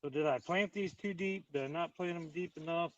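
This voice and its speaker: Fairly high in pitch and fairly quick, the garden channel host's voice comes through a muffled recording. Outdoors on a casual live stream, he shows off the garden and rambles to viewers in a friendly, plain way. His phone or camera goes from a tripod to his hand as he walks.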